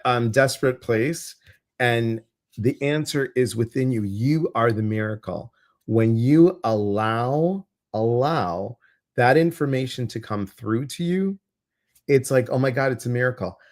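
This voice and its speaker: A man hosting a livestream as an intuitive coach, chatting casually, greeting viewers and reading their comments. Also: mid-range voice. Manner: warm, chatty, addresses viewers directly. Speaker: intuitive coach and stream host.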